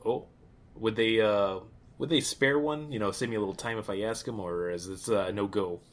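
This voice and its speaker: A man playing a tabletop game, playful and quick to laugh. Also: lowish voice. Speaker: player.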